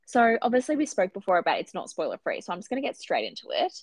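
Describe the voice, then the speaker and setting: A woman co-hosting a casual book podcast, animated and gushing, swearing freely as she talks. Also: mid-range voice, fast, husky, dry recording. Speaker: podcast co-host.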